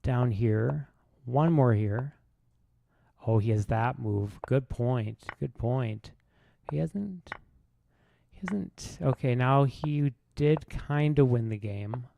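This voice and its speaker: A man's voice: mid-range voice, takes it slowly, creaky, lo-fi sound. A man streaming chess, rambling through a rude comic roast with lots of false starts. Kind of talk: casual streaming commentary while playing.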